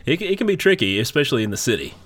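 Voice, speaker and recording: A man's voice: mid-range voice, big pitch swings, very fast, fairly bright tone, no room sound. A man hosting a casual chat, joking and chuckling as he reacts to a friend's story. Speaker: podcast host.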